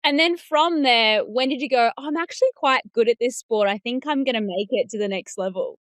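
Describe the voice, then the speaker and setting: A woman's voice: on the high side, fairly quick, fairly bright tone, no room sound. A woman hosting a sports interview show, supportive and asking long, winding questions. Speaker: podcast host, interviewer.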